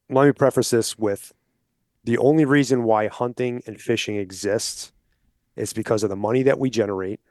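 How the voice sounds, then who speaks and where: A man speaking as a podcast guest, persuasive and explanatory, often checking in with listeners with a quick "okay?". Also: on the low side, a little mellow, dry recording, studio quality. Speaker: hunting advocate guest. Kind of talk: casual podcast conversation.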